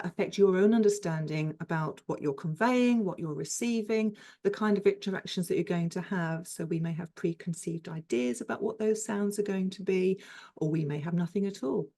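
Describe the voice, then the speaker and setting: A woman's voice: medium pitch, dark tone. Upbeat woman host, chatty webinar welcome, video-call sound. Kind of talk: introducing a webinar session.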